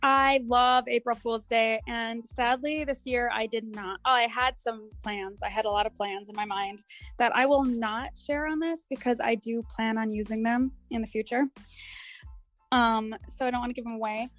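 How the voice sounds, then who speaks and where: A young woman hairstylist co-hosting a podcast, chatting in an animated, easily sidetracked way. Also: a little high, moderate pace, soft background music. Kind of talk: casual chat.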